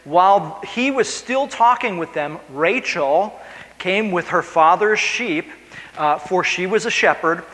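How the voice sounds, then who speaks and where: Male pastor, chatty storytelling sermon, high bright voice, reverberant sanctuary. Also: expressive, a little slow. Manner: conversational, keeps asking "right?"; acts out the story in character voices. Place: church sanctuary.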